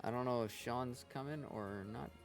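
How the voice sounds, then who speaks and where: A man chats loosely through an online game while livestreaming, cursing freely and talking to his teammates. His voice sits at an ordinary middle pitch. Soft music plays faintly underneath. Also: moderate pace, creaky. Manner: chatty, swears freely, coos at pets. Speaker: streamer. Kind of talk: casual gameplay commentary.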